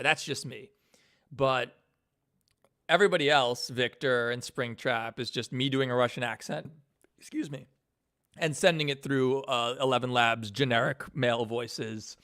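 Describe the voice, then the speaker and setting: A man's voice: medium pitch, fairly bright tone. Rambling guy streaming from his desk. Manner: rambling, self-correcting, swears casually. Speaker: animator streaming his work. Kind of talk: casual live-stream chat. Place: home computer setup.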